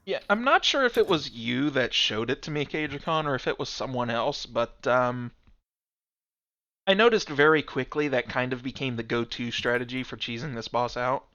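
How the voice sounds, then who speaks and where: A man gives casual stream commentary on a game he built, talking it through in a chatty, explanatory way. His voice sounds bright and forceful. He drops in frequent fillers as he goes. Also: medium pitch, expressive, normal speed, highs cut off. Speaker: game developer hosting a stream.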